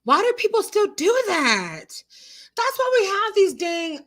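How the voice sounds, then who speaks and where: A woman's voice: very high-pitched, takes it slowly. A woman hosting a casual live stream, chatting and laughing as she answers viewers' comments. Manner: chatty, animated, laughs often, talks back to chat.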